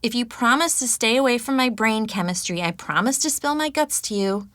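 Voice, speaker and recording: A woman's voice: a little high, brisk, a bit bright, no echo, pitched above the performer's own voice, close to an everyday voice. A woman narrator voicing the anxious, reluctant young heroine, who protests in a wary and dry way.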